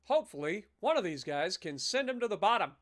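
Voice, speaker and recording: A casual young man thinks out loud while playing a naval strategy game on a live stream, very animated and brisk. His voice sits a little above typical male pitch, and a slightly rough throat keeps him clearing it between lines. He lets the occasional curse slip.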